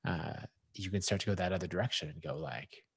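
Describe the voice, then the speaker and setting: A man talks through his thoughts slowly on a podcast, reflective and searching for words. His voice is husky and dry, with no room sound around it. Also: sits low, dry recording. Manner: reflective, thinks aloud with fillers. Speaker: podcast co-host. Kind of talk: casual conversation.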